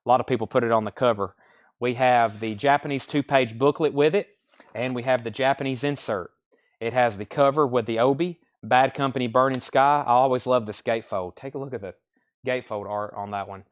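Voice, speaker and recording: A man's voice: mid-range voice, fairly even intonation, a little fast. A man running a live online record sale, rattling off album titles and prices in casual, friendly sales patter and tripping over artist names. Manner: friendly and easygoing.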